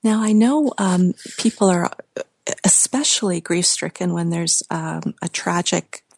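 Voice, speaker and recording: A woman host asks her questions softly with small hesitations. Her voice sits low with a gravelly, husky texture. The recording is dry and close. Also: unhurried, no echo. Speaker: interview host. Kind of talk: interview questions.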